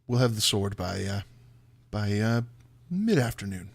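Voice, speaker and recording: A man voicing a calm, helpful innkeeper who speaks reassuringly. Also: fairly low pitch, unhurried, creaky, slightly rough, dry recording, studio quality, pitched below the performer's own voice, full character voice.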